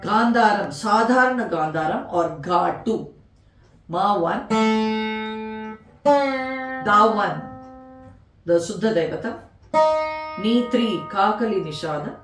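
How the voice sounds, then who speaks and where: A patient woman walks a student through a veena lesson, counting beats and naming each note. She speaks at an unhurried pace in a mid-range voice. The recording sounds roomy, as if the mic is some distance away, with faint veena playing behind her. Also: mid-range voice, expressive, soft background music. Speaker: veena teacher. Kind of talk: music tutorial explanation.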